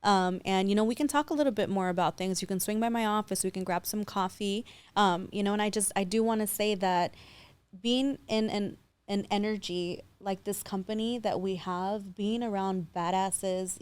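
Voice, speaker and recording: A woman's voice: mid-range voice, darkish tone, clean tone. A woman in her thirties, a loan officer guest, talking upbeat and confident in a casual interview and slipping in bits of Spanish. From San Diego.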